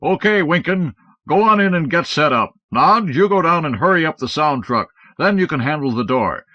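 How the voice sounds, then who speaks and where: A man doing a booming jolly Santa. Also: animated, normal speed, no echo. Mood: bossy. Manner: loud, hearty, bossy. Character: booming jolly male store Santa, brisk boss. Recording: dull, dry 1970s cassette audiobook.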